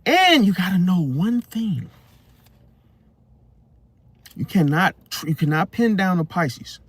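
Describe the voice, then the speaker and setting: A man hosting a casual astrology monologue, talking in an animated way and often asking his listeners "See?". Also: high voice, slow, slightly rough, dry recording. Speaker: host.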